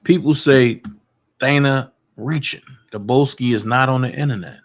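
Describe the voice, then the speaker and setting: An online commentator does casual livestream commentary in a mid-range voice at a moderate pace. Confrontational and emphatic, he speaks straight to viewers and repeats his points to drive them home.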